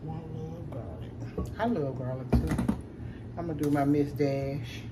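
A woman's voice: deep voice, steady tone, moderate pace, echoey room. A woman casually chatting to her viewers as she cooks in her home kitchen. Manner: chatty, talks straight to viewers as "y'all". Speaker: cooking vlogger. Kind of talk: casual chat while cooking. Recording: distant mic with noisy kitchen background.

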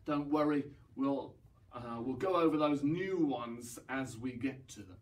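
Man, children's rhyme-time leader, bright encouraging manner, slow pace, distant mic. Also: mid-range voice. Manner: cheerful, encouraging, talks to young children. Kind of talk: children's song session. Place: indoors, library session streamed online. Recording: voice away from mic.

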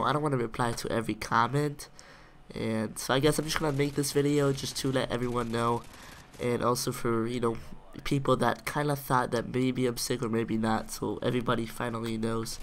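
A man from Israel with a noticeable Israeli accent and a nasal, stuffed-up voice, as if his nose were always blocked. His first language is Hebrew, so he chats slowly and carefully, pausing to pick his English words. He talks casually to his viewers as a gaming commentator. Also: mid-range voice, slight background noise. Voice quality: nasal, congested-sounding. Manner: slow and deliberate, pausing to find English words. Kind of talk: casual talk to camera.

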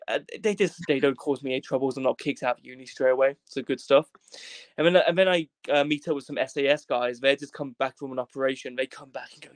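A young Welshman appears as a podcast guest, telling a rambling, jokey story in casual chat. His medium-pitched voice has fairly even intonation and a quick pace, with no room sound, and he swears freely while acting out the voices of the people involved.

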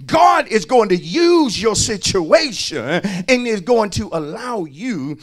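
High, lively man. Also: takes it slowly. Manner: call-and-response preaching, swinging between shouts and hushed lines; repeats words and phrases for emphasis. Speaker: pastor. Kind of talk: sermon.

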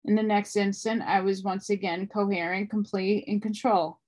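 A woman reading a book aloud at a steady pace, with small restarts along the way. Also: medium pitch, normal speed. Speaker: audiobook reader.

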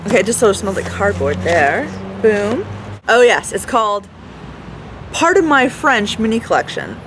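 A woman's voice: mid-range voice, sing-song, moderate pace, background noise. A woman giving a goofy, bubbly product review and swearing casually. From Canada. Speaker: beauty vlogger.

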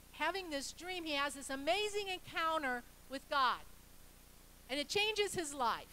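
A woman's voice: sits high, sharp tone, a little hiss or hum, low-quality recording. A woman pastor preaching a sermon in a conversational way, with restarts and asides, acting out the voices in the stories she tells. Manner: acts out quoted voices in storytelling.

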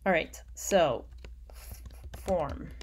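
A woman teacher giving a recorded online lecture, explaining patiently and often dropping into quiet muttering as she works. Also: sits low, lively intonation, extremely slow, noisy background.

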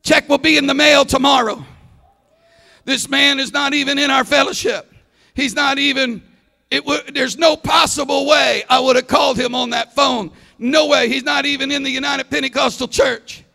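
A man preaching a Pentecostal sermon as a visiting evangelist, telling stories and rising into shouted climaxes. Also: very high voice, steady tone, moderate pace, gravelly. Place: church sanctuary. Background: soft organ music.

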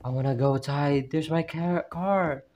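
A man's voice: a little high, moderate pace, darkish tone. A man commenting on a horror game playthrough at home, talking to himself and yelping at every scare. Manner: jumpy, yelps and exclaims at scares, chatty self-talk. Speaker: gamer playing a horror map. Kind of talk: gameplay commentary. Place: at home with family nearby.

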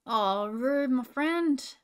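A woman voicing a slow, good-natured male wombat, earnest and fretful. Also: on the high side, level tone, a bit bright, close to an everyday voice. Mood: sad.

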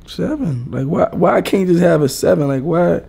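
A young man vlogging, chatting casually and teasing with a playful, laughing manner and a raspy voice. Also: fairly high pitch, animated, moderate pace, mellow.

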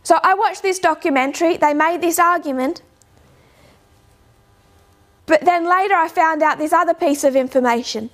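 A woman giving an informal lecture, slowing down to stress points and posing rhetorical questions. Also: very high voice. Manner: measured, slows down to stress points. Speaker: speaker giving a talk.

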